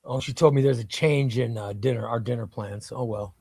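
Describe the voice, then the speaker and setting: A man's voice: medium pitch, brisk, darkish tone, slightly rough, dry recording, studio quality. Chatty man hosting a live stream. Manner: chatty, rambling, repeats himself. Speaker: livestream host reading chat. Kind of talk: casual live chat.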